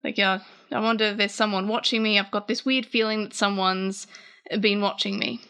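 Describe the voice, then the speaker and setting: A woman's voice: medium pitch, fairly even intonation, normal speed, pushed and bright, clean tone, close to an everyday voice. A woman reading as a curious little creature. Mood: wary.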